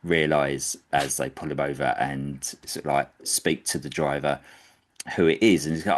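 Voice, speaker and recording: Deep-voiced man telling a story. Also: normal speed. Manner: animated, acts out quoted characters. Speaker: podcast storyteller. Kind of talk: casual anecdote telling.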